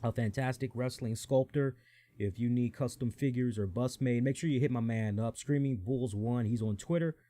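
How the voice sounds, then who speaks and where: A man's voice: mid-range voice, fairly even intonation, moderate pace, dark tone, dry recording. A man hosting a wrestling podcast, talking loosely in a casual chat and repeating his phrases. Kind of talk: casual chat and reading a quote aloud.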